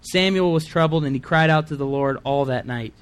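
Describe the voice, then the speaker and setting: A man's voice: a little high, fairly quick, smooth. A man preaching a sermon, reading scripture aloud and breaking in with earnest asides.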